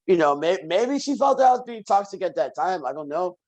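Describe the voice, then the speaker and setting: Animated man telling stories, fairly high voice. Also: brisk, low-quality recording. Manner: animated storyteller, repeats phrases for emphasis. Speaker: podcast guest. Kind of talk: casual conversation.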